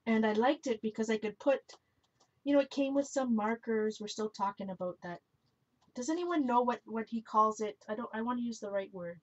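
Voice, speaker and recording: A woman's voice: fairly high pitch, brisk. Chatty woman on a dull lo-fi stream. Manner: chatty, self-correcting, bursts into laughter; reads viewer comments aloud. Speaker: live-stream host. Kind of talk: casual chat while crafting. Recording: dull lo-fi recording.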